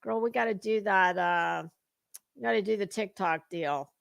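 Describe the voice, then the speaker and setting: A woman's voice: medium pitch, normal speed, gravelly, clear, resonant tone, no echo. A woman hosting a casual livestream, greeting viewers in chat and talking in a salty, chatty way with cusswords. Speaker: livestream host.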